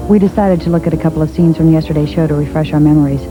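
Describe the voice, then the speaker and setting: A man narrating as a detective in a deadpan, clipped, matter-of-fact style. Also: fairly high pitch, racing, music in the background, low-quality recording.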